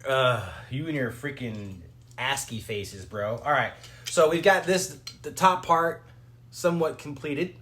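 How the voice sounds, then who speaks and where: Casting: mid-pitched man, offhand streamer rambling as he builds gear at home. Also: a little slow, a bit bright. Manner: rambling, loose, joking asides to chat and dog. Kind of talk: casual live-stream commentary while building.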